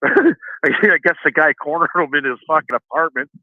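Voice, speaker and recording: A man's voice: fairly high pitch, normal speed, dry recording. Profane man rambling over a tinny phone line. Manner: rambling, profane, animated quoting of others. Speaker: caller. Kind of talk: casual phone-in storytelling.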